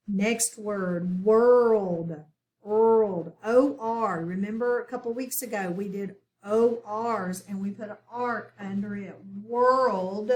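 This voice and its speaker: A woman teacher giving an online phonics lesson to children, saying each word slowly and clearly. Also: a little high. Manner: slow, clear, over-articulated word repetition.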